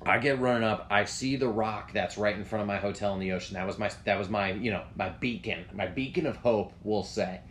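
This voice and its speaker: A man telling a story in casual chat, animated and profane, jumping into a high yelp when he acts out his own panicked lines. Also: fairly quick, hardly any pauses, slight background noise.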